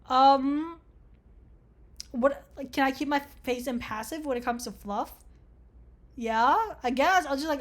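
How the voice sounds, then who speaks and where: A woman's voice: high voice, moderate pace, long pauses. A young woman casually talking through an online quiz, sarcastic and swearing freely. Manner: sarcastic, swears a lot, laughs often. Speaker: vlogger taking an online quiz. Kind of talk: casual commentary reading a quiz aloud.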